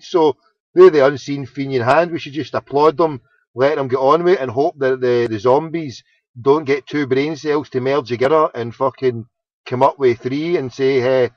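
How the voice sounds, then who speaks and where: A man's voice: mid-range voice, moderate pace, no echo. Guy ranting casual, swearing a lot, dry muffled lo-fi sound. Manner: rambling, profane, many restarts. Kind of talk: casual chat. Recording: dull lo-fi sound.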